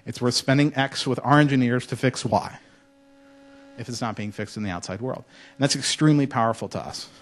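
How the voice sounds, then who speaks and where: A man speaking at a conference before a student audience, relaxed and conversational. He tells anecdotes with a joking touch and now and then slips into playful put-on voices, his pitch sitting at an ordinary middle. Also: fairly quick. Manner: casual, joking storyteller with mock French voices. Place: lecture hall.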